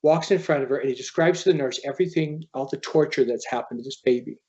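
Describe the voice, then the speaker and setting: A man's voice: medium pitch, darkish tone, dull audio. Earnest man telling a story. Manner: earnest, halting, quoting others as he tells a story. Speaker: author guest. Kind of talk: storytelling in a podcast interview.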